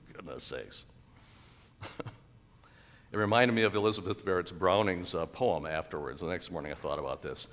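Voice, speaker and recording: A male pastor preaching a sermon in a church, animated and chuckling, with sudden loud exclaimed quotes. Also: deep voice, normal speed, long pauses, big-room sound. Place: church sanctuary.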